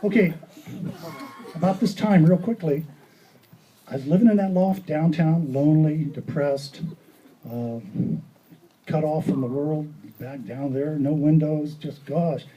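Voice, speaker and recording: Rambling, animated male artist. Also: a little high, a little slow, long pauses, husky, muffled recording. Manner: rambling, animated, acts out dialogue. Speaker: artist giving a talk. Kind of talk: storytelling art talk. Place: gallery or hall.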